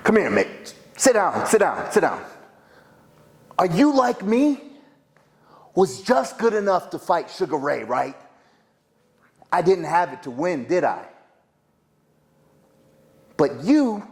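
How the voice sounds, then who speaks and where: A man playing an older brother and boxing trainer, giving an urgent pep talk that swings between loud pushes and hoarse whispers. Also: high-pitched, big pitch swings, slow, long pauses, pitched above the performer's own voice, heavily acted. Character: boxing trainer big brother, washed-up and fiercely pushing.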